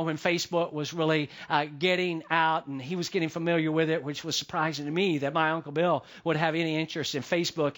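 A man's voice: fairly high pitch, fairly bright tone. A man preaching a sermon as pastor, talking in a conversational, repetitive way and checking in with the congregation.

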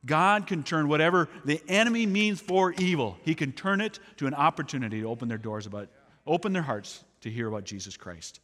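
A man's voice: on the high side, brisk. A man speaking as a missionary, giving a sermon full of stories and acting out the people he quotes. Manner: animated storyteller acting out quoted voices. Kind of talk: sermon with storytelling. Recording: long hall reverb.

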